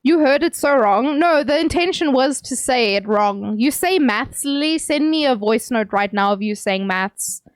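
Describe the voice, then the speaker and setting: A woman's voice: high voice, lively intonation, moderate pace, hardly any pauses, no room sound, clean studio sound. A woman streamer from England chatting casually with her stream chat, teasing and joking as she reads messages aloud.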